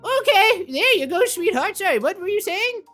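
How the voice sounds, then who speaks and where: A woman's voice: very high voice, big pitch swings, normal speed, a bit bright, faint music behind, pitched above the performer's own voice, full character voice. A woman voicing a forgetful, sweet old woman at her birthday party, rambling and calling people sweetheart. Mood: doddering.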